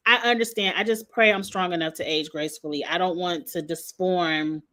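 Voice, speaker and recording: A woman's voice: on the low side, steady tone, normal speed, sharp tone. A woman, hosting a casual reality TV recap and gossiping with sass. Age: 40s. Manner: gossipy, sassy, talks straight to the people she discusses.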